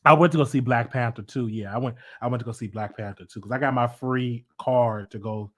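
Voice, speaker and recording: A man hosting a casual livestream chat, teasing his viewers in an animated, repetitive, slangy way. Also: mid-range voice, brisk. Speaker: host.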